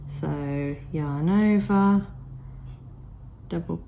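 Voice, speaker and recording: A woman with a croaky voice from a cold walks through a crochet tutorial at a very slow, patient pace. Her tone is low and mellow, and she counts each stitch aloud. A faint background hiss sits under her voice. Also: muffled recording. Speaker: crochet teacher. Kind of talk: step-by-step craft tutorial.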